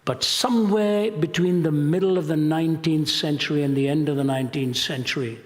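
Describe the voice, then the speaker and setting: An older man from India giving an emphatic, deliberate public lecture as a Christian apologist. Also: fairly high pitch. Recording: long reverb of a large hall.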